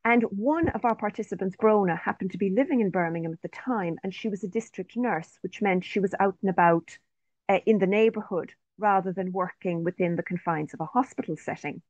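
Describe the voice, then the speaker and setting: A woman presents interview research in an online talk, speaking carefully and reading participants' quotes aloud. Her mid-range voice is a little fast with a darkish tone. The video-call audio has no room sound and is dry and slightly dull.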